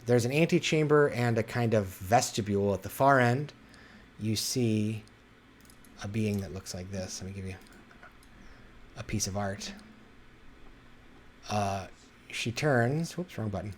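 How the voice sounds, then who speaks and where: Man narrating as game master, slightly low voice. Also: slight background noise. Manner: descriptive, halting with fillers.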